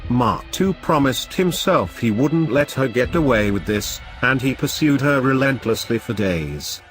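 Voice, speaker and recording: A man telling a folklore horror story in an expressive, theatrical way. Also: mid-range voice, measured pace, faint music behind. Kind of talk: dramatic horror narration.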